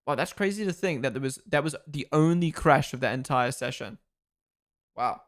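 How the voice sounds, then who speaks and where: A man's voice: a little high, moderate pace. A young man casually commentating live on a stream, reacting and thanking viewers by name. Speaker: streamer hosting a watchalong.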